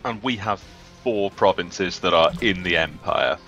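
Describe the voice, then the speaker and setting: A man's voice: sits low, unhurried, bright, forceful tone, soft background music. A young man chatting casually during a co-op game, laid-back with dry remarks. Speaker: co-op game partner. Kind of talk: casual co-op gameplay chat.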